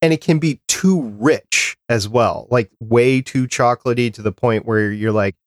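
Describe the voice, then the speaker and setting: A man's voice: medium pitch, a little slow, hardly any pauses, no echo. Chatty male podcast host, dry sound. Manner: chatty, reads out dates and lists. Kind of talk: casual podcast chat.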